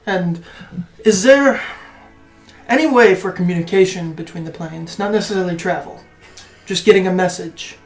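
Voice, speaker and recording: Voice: medium pitch, normal speed, pauses often. A player speaking politely and formally in character during a tabletop game. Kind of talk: in-character tabletop role-play. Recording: echoey room with faint music.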